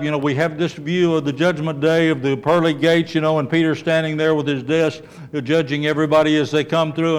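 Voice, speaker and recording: A man preaching a sermon in a conversational way, dropping low and soft when he quotes scripture. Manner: conversational preaching, asides like "okay" and "don't sweat it". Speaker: pastor.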